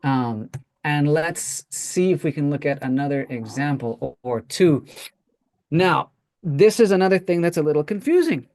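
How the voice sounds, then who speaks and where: A man's voice: fairly high pitch, expressive, moderate pace, a little mellow. A man teaching an English pronunciation class, explaining patiently and checking in often with "right?".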